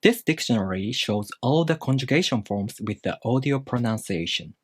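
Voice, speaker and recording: A man teaching a language lesson in a calm, methodical way, explaining step by step and saying example words aloud. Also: medium pitch, normal speed, slightly rough, dry recording, clean studio sound. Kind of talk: instructional video lesson.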